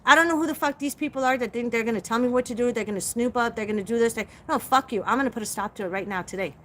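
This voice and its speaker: Blunt, profane woman with a bright, high voice. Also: rapid-fire. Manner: blunt, profane, emphatic, addresses viewers directly. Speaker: psychic livestream host. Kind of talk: live stream rant to viewers.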